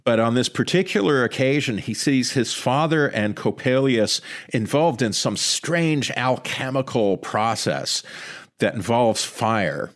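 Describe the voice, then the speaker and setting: A man in a casual discussion of a story, animated and conversational, swearing now and then. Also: mid-range voice, a little slow.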